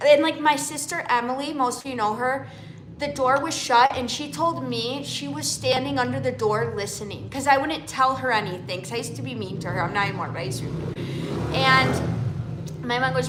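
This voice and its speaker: A woman chats through a story on her livestream, often pausing to check in with her viewers. Her voice sits a bit high and bright, and there is a roomy echo around her. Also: slight background noise. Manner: chatty, keeps checking in with viewers ("okay?", "you guys"). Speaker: livestream host. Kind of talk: casual storytelling to a live audience.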